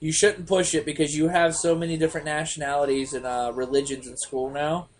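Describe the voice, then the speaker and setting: A young man co-hosting a casual podcast, telling profane stories with lively put-on voices. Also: fairly high pitch, fairly quick, a little hiss or hum. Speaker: podcast co-host. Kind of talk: casual chat.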